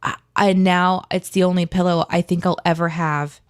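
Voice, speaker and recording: A woman's voice: fairly low pitch, flat delivery, normal speed, dry recording, studio quality. A woman co-hosting a live morning stream from home, chatting casually in a rambling way and laughing often. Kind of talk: casual chat. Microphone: desk mic on an arm with webcam.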